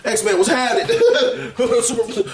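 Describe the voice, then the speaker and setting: A man giving a heated, exasperated movie review rant, laughing often and bursting into shouts. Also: very high voice, slow, echoey room, slight background noise. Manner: animated, exasperated ranting with frequent laughs and sudden shouts.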